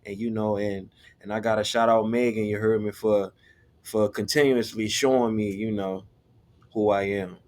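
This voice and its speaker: Animated young man telling a story. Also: fairly low pitch, moderate pace. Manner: animated, acts out quoted voices, slangy. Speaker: podcast co-host. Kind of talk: casual storytelling chat.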